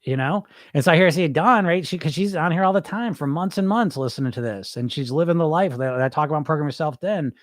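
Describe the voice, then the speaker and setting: A man's voice: a little high, fast, hardly any pauses, no room sound, clean studio sound. A man hosting a live podcast, talking bluntly and emphatically to his listeners, repeating points for effect. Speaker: podcast host. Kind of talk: live-stream chat reading comments.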